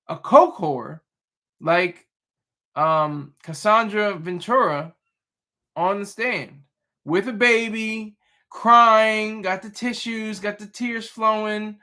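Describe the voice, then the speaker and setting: A livestream host with a high, sharp-toned male voice chats casually and reads viewer comments. He teases playfully and often restarts his sentences.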